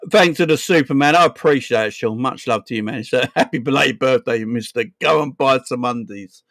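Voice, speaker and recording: South london bloke, 40s, chatty streamer rambling on, mid pitch, dead dry mic. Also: male voice, a little fast, no room sound. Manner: rambling, chatty, swears, shouts out viewers. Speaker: football channel host. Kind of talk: casual livestream chat.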